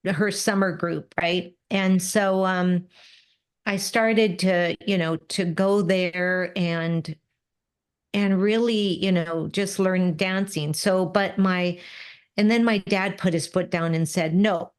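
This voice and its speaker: A woman guest in an interview, telling stories in a lively, animated way and acting out what people said. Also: on the low side, takes it slowly, smooth. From Spanish-speaking family. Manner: lively, animated, acts out quoted exchanges. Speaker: interview guest, business coach. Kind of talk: casual storytelling.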